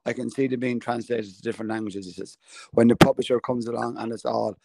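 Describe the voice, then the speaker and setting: An Irish man co-hosting a casual podcast chat, telling stories with animated energy and jumping high in pitch when amazed. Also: quick pace, creaky, a little hiss or hum. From Ireland. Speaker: podcast co-host.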